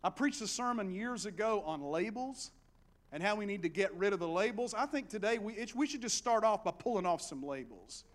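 A middle-aged man preaches with an Appalachian accent, in a voice set a little high for a man. He moves from quiet, close storytelling to loud, rousing exhortation. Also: a little fast. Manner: animated, with big swings between hushed storytelling and loud exhortation. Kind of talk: sermon.

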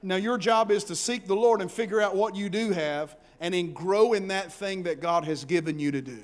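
High-voiced folksy preacher. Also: male voice, normal speed. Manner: folksy, animated preaching with shouted peaks. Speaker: pastor. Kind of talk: sermon.

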